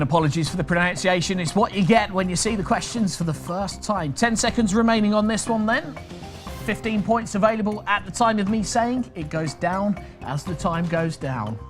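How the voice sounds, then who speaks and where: A British man hosting a live online quiz, reading out questions and answer options with chatty, jokey patter. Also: high-pitched. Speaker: quiz master.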